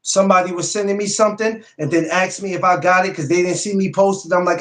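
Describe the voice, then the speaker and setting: A man's voice: high voice, fairly quick, hardly any pauses, slight background noise. A man hosting a casual podcast livestream, talking bluntly and profanely and repeating himself a lot. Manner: repetitive, blunt, profane, animated. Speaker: podcast host.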